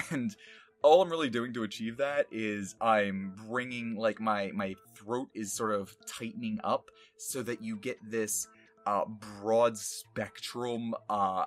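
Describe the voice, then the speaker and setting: A young man casually explaining his voice acting work, chatty and laughing often. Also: fairly low pitch. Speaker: voice actor.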